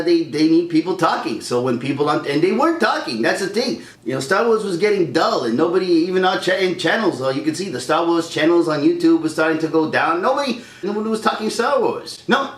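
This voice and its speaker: A man's voice: a little high, animated, fairly quick, few pauses, echoey room. A man hosting a casual ranting chat, heated and rambling, stumbling over restarts. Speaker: YouTube channel host.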